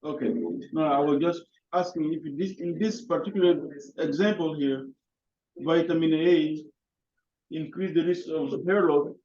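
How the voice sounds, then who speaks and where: Halting male teacher in an echoey classroom. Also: a little high, steady tone, warm tone. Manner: halting, repeats words, switches to French. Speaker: English teacher. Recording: echoey classroom, dull lo-fi sound.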